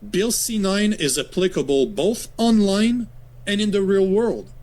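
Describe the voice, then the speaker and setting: Male pundit, fairly high voice, argumentative, heavy on rhetorical questions. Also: a little slow, darkish tone. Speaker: political commentator. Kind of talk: critical commentary.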